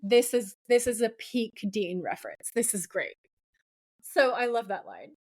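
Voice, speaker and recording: Woman podcast co-host, slightly high voice, chatty and giggly recapper. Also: measured pace. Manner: animated, giggly, frequent "like" fillers. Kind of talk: casual chat recapping a TV episode.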